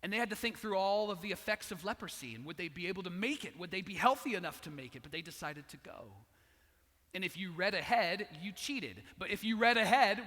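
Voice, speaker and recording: High bright-voiced pastor preaching in a hall. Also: male voice. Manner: storytelling, acts out voices in the story. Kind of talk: sermon.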